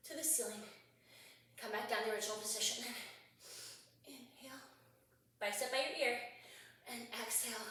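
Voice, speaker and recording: A woman's voice: fairly high pitch, pushed and bright. A woman leading a pilates mat class, calling out breath cues and movements while exercising, out of breath and upbeat. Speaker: pilates instructor. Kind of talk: guided workout instruction. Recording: echoey room, distant mic.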